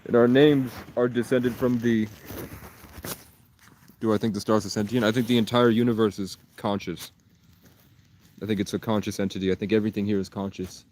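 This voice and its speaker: A man's voice: lowish voice, fairly even intonation, fairly quick, pauses often, darkish tone, slight background noise. A man from Vermont, rambling on a live stream and jumping between wild claims. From Vermont, USA. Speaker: livestreamer.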